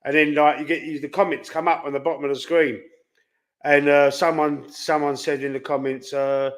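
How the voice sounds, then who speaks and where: Quick-paced and steady, with a voice on the high side, this Cockney host from London rambles through anecdotes on a casual live stream, acting out the conversations he's had.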